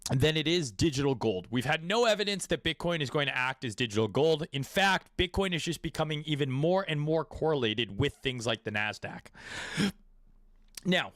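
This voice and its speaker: A man's voice: fairly high pitch, expressive, moderate pace, fairly bright tone, no room sound, clean studio sound. A man in his late twenties or thirties giving casual, crude and profane crypto market commentary, riffing off the cuff.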